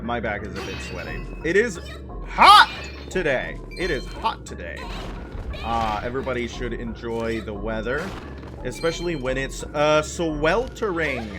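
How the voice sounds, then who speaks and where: A man's voice: mid-range voice, animated, normal speed. A man streaming a video game, chatting casually with viewers in rambling, self-aware asides. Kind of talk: casual let's-play commentary. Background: game music.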